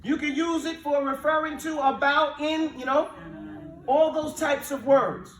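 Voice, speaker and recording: A man teaching an Arabic class, drilling his students in call-and-response and mixing Arabic with English as he explains words with lively emphasis. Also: very high voice, measured pace. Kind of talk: classroom language lesson. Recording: echoey room, mic at a distance.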